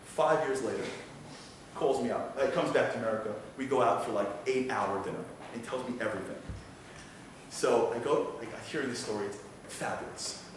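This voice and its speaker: A man telling a story as a guest speaker in a synagogue hall, animated and acting out the voices. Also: medium pitch, a little fast. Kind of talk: storytelling lecture. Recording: echoey hall from far off, noisy.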